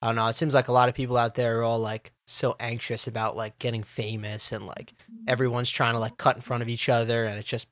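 A man's voice: mid-range voice, level tone, fast, a bit bright, dry recording, studio quality. A man hosting a casual podcast who asks laid-back questions padded with filler words. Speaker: podcast host.

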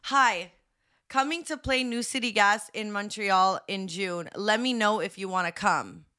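A woman with a mid-range voice speaks at a measured pace as a podcast co-host. Giggly and animated, she tells stories in casual chat and laughs often.

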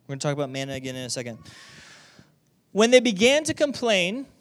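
A man with a high voice preaches a lively sermon. He checks in with his listeners all the time and breaks into acted-out voices and loud exclamations. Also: fast talker. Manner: animated, keeps asking "okay?" and "right?".

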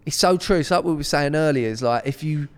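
A young man, co-hosting a casual banter podcast, talking in an animated, slangy way and often restarting his sentences. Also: fairly high pitch, fairly quick. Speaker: podcast co-host. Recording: reverberant room.

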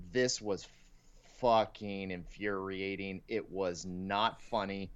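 A man's voice: deep voice, fairly even intonation, slow, a bit bright, clean tone, muffled recording. A man co-hosting a podcast in casual chat, complaining with sarcastic, mocking asides. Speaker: podcast co-host.

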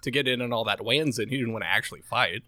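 A man's voice: mid-range voice, fast, bright, forceful tone, dry recording, studio quality. A man co-hosting a casual gaming podcast, wry and casually swearing. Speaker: podcast co-host.

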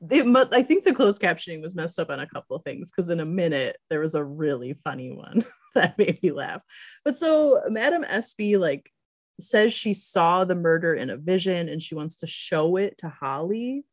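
A woman co-hosting a podcast, retelling a show's plot with plenty of laughter and quick impressions of the characters. Her voice sits on the lower side and swings widely in pitch. The sound is dry and close. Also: no room sound. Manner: animated retelling, acting out characters' lines, laughing often. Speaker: podcast co-host recapping a TV episode. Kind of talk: casual chat.

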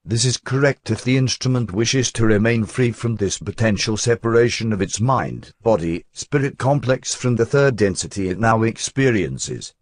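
A man reading out the formal answers of a calm collective spirit entity in a flat, measured way. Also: lowish voice, dry recording.

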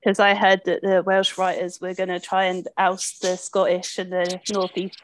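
A woman's voice: lowish voice, completely flat delivery, moderate pace, slight background noise, rough recording. A woman with a Bedfordshire accent who interviews an author in a chatty, upbeat way. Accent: Bedfordshire English. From Bedfordshire, England. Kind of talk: casual interview chat.

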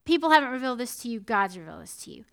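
High bright lady preacher, smooth clear voice, chatty animated sermon. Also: very fast. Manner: animated storytelling with frequent "right?" asides. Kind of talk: conversational sermon.

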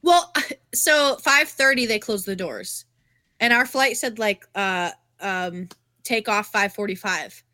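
A woman co-hosting a podcast, telling a story in a casual, animated way, swearing freely and full of "like". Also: medium pitch, slow pace, no room sound, studio quality. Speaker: podcast co-host.

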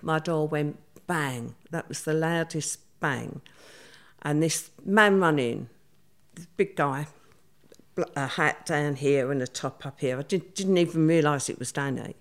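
A middle-aged woman speaks in a lowish voice. She retells events in a vivid, hurried way, slipping into the voices of the people she quotes. Her delivery is conversational and unscripted. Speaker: interviewee. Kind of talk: conversational storytelling.

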